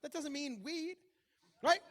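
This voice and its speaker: A man's voice: extremely high pitch, slow pace. A man telling a stand-up story, acting out both sides with plenty of swearing. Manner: animated, acts out both sides with profanity. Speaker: stand-up comedian.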